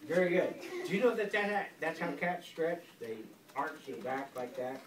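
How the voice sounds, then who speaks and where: An older grandfather reading a picture book aloud to a school class in a playful, animated way, stopping often to quiz the children. He is recorded from across an echoey classroom full of kids. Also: fairly high pitch, moderate pace, far from the mic, a crowd in the background. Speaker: guest reader, grandfather.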